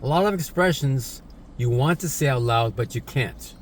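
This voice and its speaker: A man's voice: medium pitch, expressive, normal speed, slight background noise. A man giving a casual spoken English lesson, repeating himself and tagging questions onto his points. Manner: repetitive, tag questions like "right?" and "isn't it?". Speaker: English teacher.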